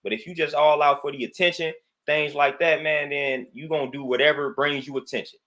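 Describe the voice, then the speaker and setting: A man's voice: fairly high pitch, level tone, brisk, bright, forceful tone. Man, livestream host, rant, emphatic, repetitive, keeps saying "man", greets chat. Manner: greets viewers in chat between points.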